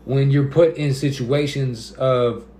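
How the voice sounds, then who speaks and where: Animated man telling stories in an echoey room. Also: mid-range voice, takes it slowly. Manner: animated storyteller, acts out quotes. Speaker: podcast host. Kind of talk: casual chat.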